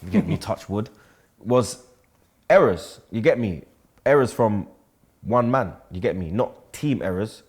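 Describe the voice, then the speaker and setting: A man's voice: on the low side, lively intonation, a little slow, long pauses, darkish tone, slight background noise. A man with a London accent talking football in casual banter, full of slang and often checking in with "you get me". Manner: heavy slang, keeps asking "you get me", laughs often. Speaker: regular pundit.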